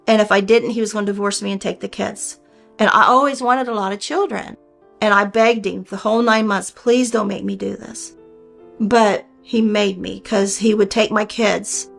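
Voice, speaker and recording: An older woman in her sixties recounts a personal story with earnest, heartfelt feeling. Her voice sits at a middle pitch, and she often slips into the words she and others once said. Faint music plays softly behind her. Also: creaky. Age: 60s. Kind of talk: personal testimony.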